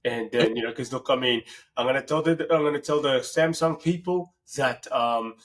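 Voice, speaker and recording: A man's voice: medium pitch, normal speed, a bit bright. Encouraging male podcast host. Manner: encouraging, conversational, asks follow-ups. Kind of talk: casual podcast interview.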